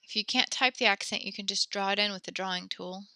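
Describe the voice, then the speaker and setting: A woman teaching a French class over a video call, patient and encouraging, reading sentences slowly and praising her students. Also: medium pitch, pushed and bright, no room sound.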